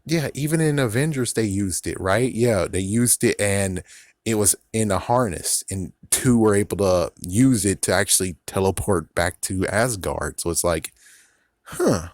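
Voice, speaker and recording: A low-pitched man rambles through a casual review, swearing freely and laughing at his own jokes. The sound is dry, with no room echo. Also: a little slow. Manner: rambling, profane, laughs often. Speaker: YouTube reviewer.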